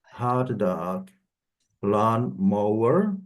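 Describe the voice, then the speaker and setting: A man learning English on a video call, repeating practice words slowly and carefully. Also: lowish voice, animated.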